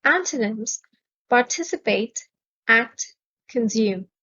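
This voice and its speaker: A woman teaching English vocabulary in a measured, clearly enunciated way, stressing each syllable. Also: fairly high pitch, lively intonation, bright, forceful tone, lo-fi sound. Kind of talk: slow, careful vocabulary lesson.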